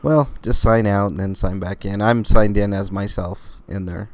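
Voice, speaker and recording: A man hosts a casual live-streamed podcast, rambling laid-back with plenty of fillers and hiccuping as he goes. His voice sits on the low side, with a steady tone and normal speed.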